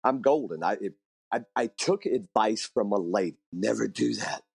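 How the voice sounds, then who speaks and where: A man's voice: fairly low pitch, moderate pace, vocal fry, slightly rough, no echo. A man being interviewed about long-distance motorcycle riding, telling stories animatedly with frequent restarts and repeated words. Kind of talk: casual storytelling interview.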